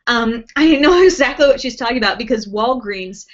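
A woman's voice: a little high, lively intonation, fairly quick. A woman hosting a casual beauty live stream from home, chatting and reading out viewer comments with lots of ums and little laughs. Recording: dull lo-fi webcast audio.

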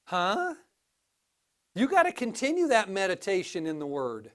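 Animated male pastor preaching. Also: a little slow, long pauses. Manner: animated, rising to exclamations and dropping low, many restarts. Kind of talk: sermon. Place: church.

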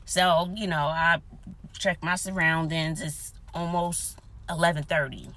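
A woman with a deep voice and a measured pace vlogs from a parked car. Chatting casually, she gives an animated, dramatic account of a story, often lowering to a whisper.

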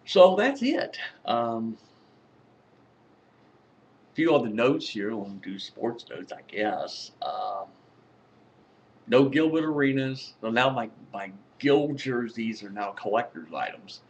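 A man's voice: fairly low pitch, animated, unhurried, a little hiss or hum. A tired man rambling in a casual late-night vlog, laughing often and swearing freely. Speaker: vlogger.

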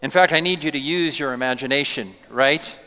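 A man preaching a sermon as a pastor, telling the story in a lively, playful way. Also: mid-range voice, fairly quick. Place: church sanctuary. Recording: long church reverb.

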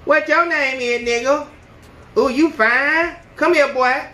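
A man putting on the voice of a loud, brassy young woman catcalling a guy in a profane way. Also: very high voice, slow pace, voice pushed up, full character voice. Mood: brash. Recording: echoey room with faint noise.

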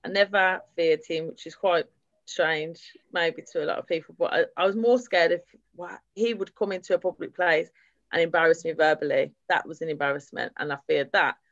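A woman with a low-pitched voice gives personal testimony at a public event, candidly and steadily retelling what she survived, with fillers along the way. She speaks at a normal speed, and the lo-fi recording has no room sound.

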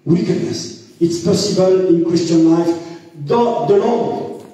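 A French man preaching a sermon in English as a pastor, halting often, repeating words and filling pauses. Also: high-pitched, mellow. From France. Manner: halting, repeats words and uses many fillers. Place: church hall. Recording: echoey hall, voice from far off.

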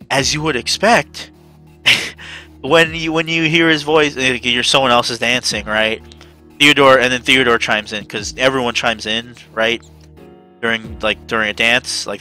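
A man's voice: mid-range voice, measured pace, sharp tone, soft background music. A man streaming a video game, chatting casually, ranting and swearing a lot. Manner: profane ranting, swearing often. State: panicked.

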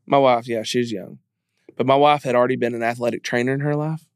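Man, podcast guest, rapid speech, emphatic, repeats himself, dead dry sound. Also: mid-range voice, fairly even intonation, clear, resonant tone, no room sound. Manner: earnest, emphatic, repeats phrases; speaks openly about grief. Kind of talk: candid conversational interview.

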